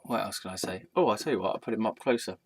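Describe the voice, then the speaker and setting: A man's voice: lowish voice, racing, heavy background noise. A tired man rambling casually and self-deprecatingly to a statue while he films. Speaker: vlogger.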